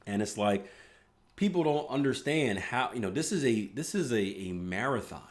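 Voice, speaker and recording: A man's voice: medium pitch, lively intonation, normal speed. A man hosting a live trading room, analyzing charts in a casual, chatty way with rambling asides.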